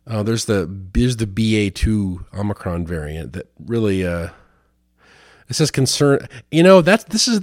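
A man's voice: on the low side, dry recording, studio quality. A man hosting a show, reading news headlines aloud and giving casual, rambling commentary. He is sardonic and swears freely. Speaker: host.

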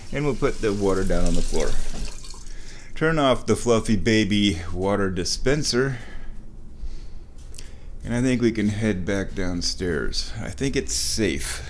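Playful man chatting with his cat. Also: slight background noise. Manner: playful, slips into high baby talk for his cat. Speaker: radio host. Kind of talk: casual chat. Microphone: studio microphone.

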